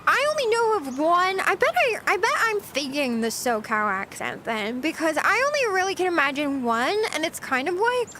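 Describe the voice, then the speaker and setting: A woman's voice: extremely high pitch, sing-song, moderate pace, few pauses, sharp tone, a little hiss or hum. A woman streamer chatting casually with her live chat, giggly and talkative, answering questions as she goes.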